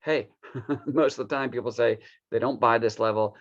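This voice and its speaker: A man's voice: mid-range voice, normal speed, muffled recording. A man casually walking through a wellness device demo, rambling loosely with plenty of fillers and restarts. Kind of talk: casual unscripted product walkthrough.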